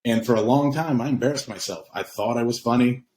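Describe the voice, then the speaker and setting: A man's voice: medium pitch, fairly quick, a little mellow, slight background noise, low-quality recording. A man speaking as a guest on a casual interview, reflective and self-deprecating, laughing at himself. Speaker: guest, comedian and actor.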